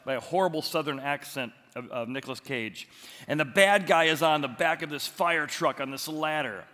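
A man preaching a sermon as the pastor, telling stories with lively, animated bursts of loud excitement. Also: on the high side, normal speed. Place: church auditorium. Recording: long reverb of a large hall.

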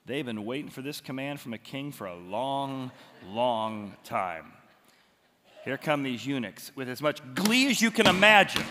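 Male pastor, animated storyteller, voice swinging widely up and down, recorded in a reverberant hall. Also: medium pitch, a little hiss or hum. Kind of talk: expository sermon.

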